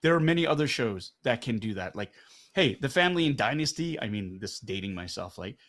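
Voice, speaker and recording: A man's voice: medium pitch, lively intonation, brisk, fairly bright tone. A middle-aged man, a guest in a candid interview, making his points with rhetorical questions and a tag of "right?". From Canada.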